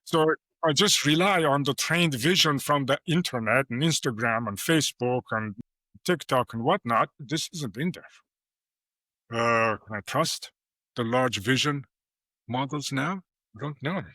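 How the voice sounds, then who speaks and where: A middle-aged man speaking as an interview guest, lively and story-driven, slipping in little acted exchanges as he explains. His tone is bright and forward, and the sound is dry and close to the mic. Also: mid-range voice, measured pace, no echo. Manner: animated storyteller, acts out quoted dialogue. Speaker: guest AI professor. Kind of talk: casual interview talk.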